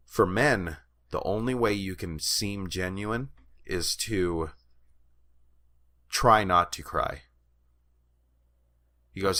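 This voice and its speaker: A man's voice: low-pitched, takes it slowly, pauses often, sharp tone. A man co-hosting a podcast in casual chat, a rambling storyteller who laughs often and swears casually. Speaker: podcast co-host.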